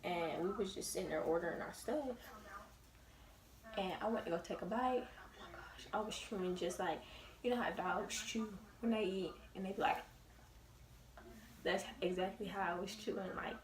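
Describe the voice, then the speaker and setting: A young woman telling a story in a casual, animated and emphatic way. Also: medium pitch, normal speed, far from the mic. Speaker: vlogger. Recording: roomy, away from the mic.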